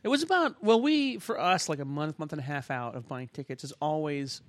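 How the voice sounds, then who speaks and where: High-voiced joking man on a podcast. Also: animated, a little fast, no echo. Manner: joking, teasing. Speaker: podcast co-host. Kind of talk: casual podcast chat.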